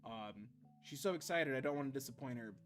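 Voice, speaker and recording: A young man streaming a game live, chatting casually with quick jokes and asides while reading the game text aloud. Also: medium pitch, animated, a bit bright, soft background music.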